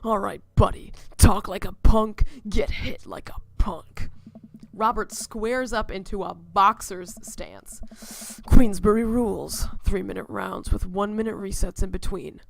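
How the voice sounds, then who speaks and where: A woman voicing a gruff, brooding middle-aged man and intense film snob, in a low, breathy half-whisper that turns pompous when he lectures. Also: unhurried, slight background noise. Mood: menacing. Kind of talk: voicing a visual novel character.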